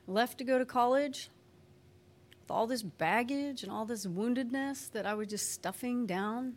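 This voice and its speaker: A woman giving a conversational personal testimony in a chatty, folksy way, full of "you know" and "like", sometimes acting out quoted voices with lively energy. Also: mid-range voice. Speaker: speaker sharing her faith testimony.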